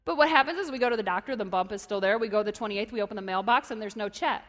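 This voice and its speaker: A woman preaching a sermon to a congregation, telling lively stories and acting out voices and shouts. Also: medium pitch, racing. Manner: animated storytelling, acts out voices and shouts. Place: church hall. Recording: long hall reverb.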